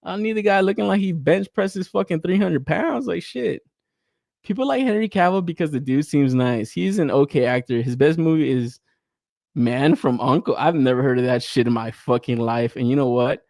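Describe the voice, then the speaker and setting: A man's voice: on the high side, normal speed, gravelly, darkish tone, dry recording, clean studio sound. A young man hosting a podcast, ranting casually to his chat, rambling, swearing and laughing as he gets worked up. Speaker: podcast host. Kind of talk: casual profane rant to a live chat.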